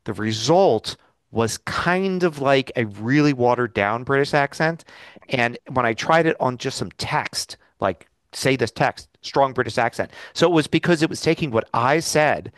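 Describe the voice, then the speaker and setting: A man's voice: medium pitch, lively intonation, a little slow, dry recording. A man co-hosting a podcast, chatting casually in a rambling way with many fillers, recorded in a home studio. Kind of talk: casual chat.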